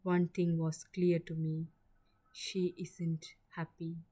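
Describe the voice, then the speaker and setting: A woman reading a sad first-person story aloud in a measured, soft narrating style. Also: fairly low pitch, little pitch movement.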